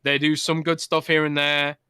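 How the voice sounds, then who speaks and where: A young adult man co-hosting a casual podcast, chatty, with lots of filler words and quick asides. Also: fairly high pitch, level tone, sharp tone, clean tone, dry recording, studio quality. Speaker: podcast co-host. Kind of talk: casual chat.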